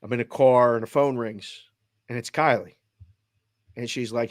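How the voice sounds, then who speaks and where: Boston dude, middle-aged, telling a story all animated, does the voices, dry mic. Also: male voice, medium pitch, moderate pace, no echo. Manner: emotional, animated retelling with quoted voices. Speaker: sports betting show host. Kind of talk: casual storytelling.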